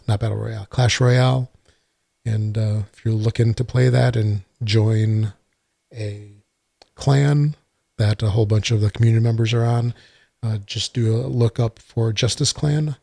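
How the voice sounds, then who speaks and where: Gravelly low-voiced man hosting a podcast. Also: a little mellow, no echo. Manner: rambling, many uhs, dry sarcasm. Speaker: podcast host. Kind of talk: casual solo podcast talk. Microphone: desktop computer mic.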